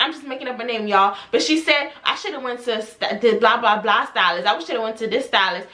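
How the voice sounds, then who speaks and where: A young woman in her twenties, a hairstylist, telling an animated storytime vlog and talking straight to her viewers. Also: fairly high pitch, brisk, hardly any pauses. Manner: animated, addresses viewers as y'all, acts out quotes. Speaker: hairstylist vlogger.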